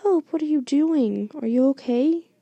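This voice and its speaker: A woman's voice: high voice, moderate pace, gravelly, warm tone, breathy edge, no room sound, dull audio, heavily acted. A woman voicing a predatory male teacher with a creepy, coaxing manner, as a whispered story reading.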